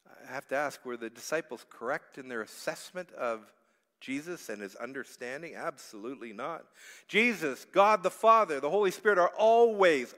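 Man preaching in a reverberant hall. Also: on the high side. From Canada. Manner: dynamic, swings from hushed to loud pleading. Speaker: pastor. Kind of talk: sermon. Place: church sanctuary.

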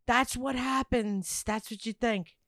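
A woman's voice: fairly high pitch, fairly even intonation, measured pace, a bit bright, dry recording, studio quality. A middle-aged woman, co-hosting a casual podcast chat, emphatic, laughing often and swearing freely. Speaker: podcast co-host.

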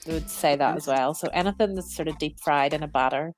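A woman's voice: low voice, fairly even intonation, fast, few pauses, soft background music. A woman in her thirties, chatting casually as a podcast guest and explaining things with lots of fillers and asides. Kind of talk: casual conversational interview.

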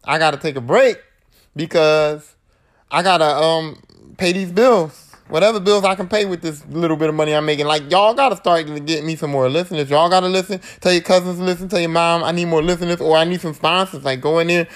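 A man's voice: fairly high pitch, fairly quick. A man hosting a podcast, recapping horror movies in a slangy, profane, rambling way. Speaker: podcast host.

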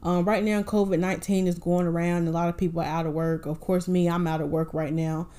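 A woman's voice: fairly low pitch, flat delivery, a little fast, dark tone, clean tone. Sassy, chatty woman podcaster. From North Carolina. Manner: chatty, sassy and motivational, with laughs and self-corrections. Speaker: podcast host. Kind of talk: casual solo podcast talk.

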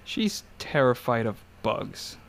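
A man's voice: medium pitch, sing-song, slow, vocal fry. A man co-hosting a podcast, telling a story in casual chat and laughing often. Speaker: podcast co-host.

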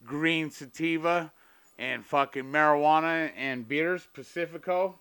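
A man's voice: a little high, a little slow, sharp tone, smooth. A man hosting a podcast in casual chat, laid-back and slangy, swearing freely as he tells stories. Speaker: podcast host.

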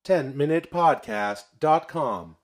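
A man's voice: fairly high pitch, lively intonation, slow pace. A man voicing a pedantic male podcast robot that keeps correcting the hosts. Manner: stiff, correcting, mildly insulting. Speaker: podcast co-host bit.

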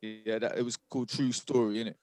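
A man, a rapper, telling a story on a podcast in a halting, measured way. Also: fairly low pitch, level tone, a little mellow, soft background music. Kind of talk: casual chat.

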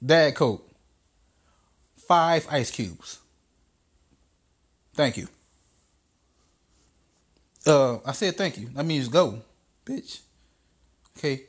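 A man's voice: mid-range voice, expressive, drawn-out words, long pauses, husky, heavily acted. A man voicing a brash, arrogant older president who is crude and barks profane orders. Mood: bossy, dismissive. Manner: bossy, profane, stammering demands.

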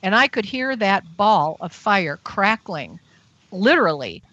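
A woman guest on a talk radio show, telling a personal story in an earnest, animated way, voicing her own thoughts as she goes. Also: mid-range voice, unhurried, no room sound, lo-fi sound.

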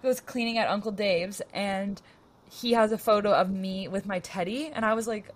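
A woman's voice: medium pitch, normal speed. A young woman co-hosting a podcast, telling stories in a chatty way and saying "like" a lot. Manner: chatty storytelling, says "like" a lot. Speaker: podcast co-host. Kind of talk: casual chat.

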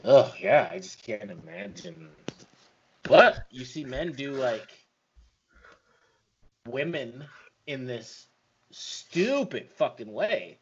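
A man in casual podcast chat, animated and often laughing, swinging between loud and quiet. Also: medium pitch, slow, long pauses, breathy edge, muffled recording.

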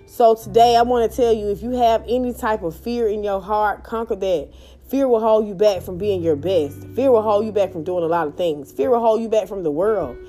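A woman's voice: medium pitch, moderate pace, warm tone, soft background music. A woman podcast host giving a motivational monologue, emphatic and blunt, swearing freely and repeating her points.

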